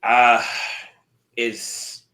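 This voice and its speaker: A man's voice: mid-range voice, extremely slow, roomy sound, rough recording. A man co-hosting a podcast, talking earnestly and thoughtfully about his experience. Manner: earnest, thoughtful, speaks calmly. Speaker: podcast co-host. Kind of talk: casual podcast chat.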